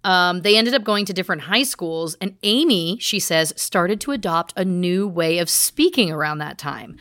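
A woman's voice: lowish voice, expressive, moderate pace, fairly bright tone, no echo, clean studio sound. A woman podcast host recounting research in a chatty, casual way, full of asides. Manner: chatty, speaks in asides and restarts. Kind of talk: casual storytelling chat.

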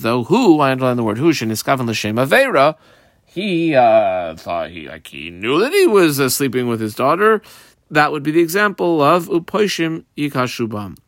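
A man's voice: medium pitch, a bit bright, dry recording, clean studio sound. A man teaching a Talmud page in a casual, conversational way, translating line by line with frequent fillers. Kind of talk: casual Talmud study lesson.

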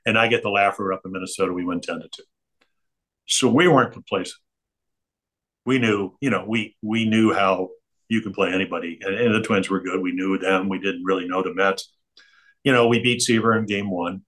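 A man's voice: low voice, a little fast, fairly bright tone. Older man telling rambling stories. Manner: chatty, digressive, chuckles between stories. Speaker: interview guest. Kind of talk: rambling anecdotal storytelling.

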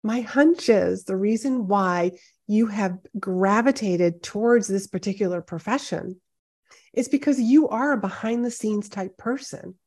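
A woman's voice: medium pitch, a little slow, a little mellow. A woman hosting a solo podcast as a speaking coach, talking in an encouraging, conversational way straight to the listener from her home office. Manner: encouraging, conversational, direct address. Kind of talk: solo podcast pep talk. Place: home office with high ceilings and hardwood floors.

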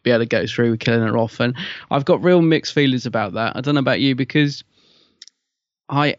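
A man's voice: medium pitch, a little fast, no echo. Hesitant man, dull dry recording. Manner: hesitant, conflicted, restarts often. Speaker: podcast co-host. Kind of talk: casual review chat.

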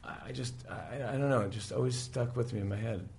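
A man's voice: mid-range voice, a little fast, creaky. A man guest on a podcast, chatting casually and acting out scenes as he retells them. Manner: animated storyteller acting out scenes. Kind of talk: casual chat.

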